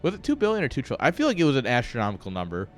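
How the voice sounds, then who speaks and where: A man's voice: mid-range voice, huge pitch swings, racing, faint music behind. A man casting a strategy game on a live stream, rambling off-topic, joking and swearing freely. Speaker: game caster. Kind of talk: casual live-stream commentary.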